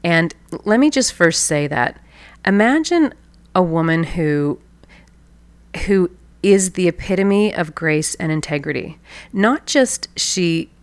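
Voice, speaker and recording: A woman coach hosting her own show, telling a childhood story in a reflective, motivational monologue with soft laughs. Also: on the low side, no room sound. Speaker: personal excellence coach and podcast host.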